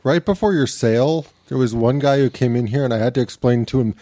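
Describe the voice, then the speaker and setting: A man's voice: mid-range voice, fairly quick, warm tone, dry recording. A man co-hosting a comics podcast in easygoing casual chat. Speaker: podcast co-host.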